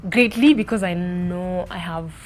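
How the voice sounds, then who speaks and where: A young woman, answering interview questions in an animated, expressive way about her life and podcast. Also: fairly low pitch, measured pace, a little hiss or hum. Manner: animated, expressive, playful with accents. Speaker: podcast host being interviewed. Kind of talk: casual interview chat.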